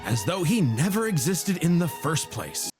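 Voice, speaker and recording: A man narrating a scripted web show in a measured, explanatory way, played from a video. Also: fairly high pitch, big pitch swings. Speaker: show co-host. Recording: narration under loud music, played from a video.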